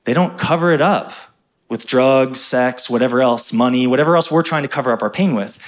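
A man, a pastor, preaching a sermon with emphatic rises and quick conversational asides. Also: mid-range voice.

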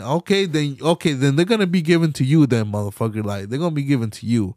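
Podcast guy going off, cussing nonstop, loud then mumbly, dry close mic. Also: animated, fairly quick, no echo. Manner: profane, heated, slangy ranting; swings between loud outbursts and low mutters. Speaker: podcast host. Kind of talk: casual political rant.

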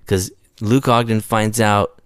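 A laid-back man in a casual conversation, rambling through his stories with slangy asides. His voice sits fairly low, and the sound is dry and close, with no room around it. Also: steady tone, takes it slowly, clean tone, no room sound. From California. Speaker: skate photographer guest. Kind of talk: casual chat.

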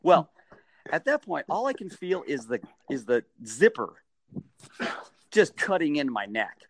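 A middle-aged man telling a story in a casual interview, animated, jumping into high-pitched bursts when he acts out what people said. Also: a little slow, dry recording, clean studio sound. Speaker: guest, stadium mascot performer.

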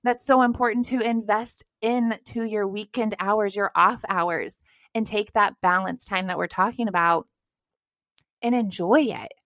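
A woman's voice: mid-range voice, fairly even intonation, a little slow, a bit bright, no echo, studio quality. A woman in her thirties co-hosting a podcast, talking to listeners in a casual, encouraging and direct way. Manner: encouraging, direct, addresses listeners as "girl" and "you guys". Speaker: podcast co-host. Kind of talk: casual motivational chat.

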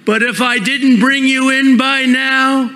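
A tender-hearted woman, as a man reads her lines in a raised, exclaiming voice. The tone is bright and the delivery unhurried. It is a lightly put-on voice in a poem read to an audience. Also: extremely high pitch, steady tone, voice pushed up, exaggerated voice. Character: kind-hearted woman, tender then frightened. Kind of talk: dramatic reading of a poem at a rally.

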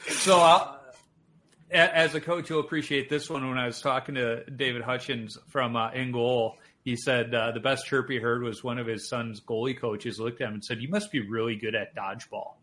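A man hosting a laid-back conversation, recounting anecdotes with lots of laughter. His telling is lively and chatty, never scripted. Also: medium pitch, moderate pace, slight background noise. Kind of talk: casual storytelling chat.

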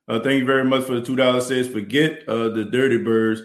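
A man with a New Orleans accent hosts a live podcast from behind his mic and camera. He talks in a fervent, motivational way, packed with "you know" fillers, at an ordinary pitch. The sound bounces around an echoey room. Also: steady tone, fairly quick. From New Orleans, US South. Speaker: podcast host. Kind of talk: livestream podcast talk, reading chat. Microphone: studio mic and camera.

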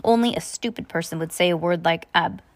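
A mom doing a sneering villain disguised as a receptionist. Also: female voice, on the low side, brisk, lightly acted.

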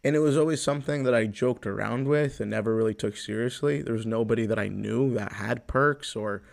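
A man in his twenties from the US Pacific Northwest, hosting a podcast and telling a personal story in a loose, profane way, with sudden jumps in pitch and loudness. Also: a little fast, vocal fry. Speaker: podcast host. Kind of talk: casual storytelling monologue.

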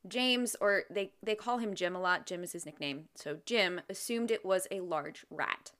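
A woman's voice: lowish voice, normal speed, a bit bright. A woman co-host telling a spooky story to a friend in a casual chat, often laughing.

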